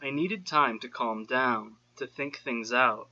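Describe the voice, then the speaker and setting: Guy reading an audiobook, sharp bright tone, kinda muffled lo-fi sound. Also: medium pitch, slow. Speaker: audiobook narrator. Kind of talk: scripted narration.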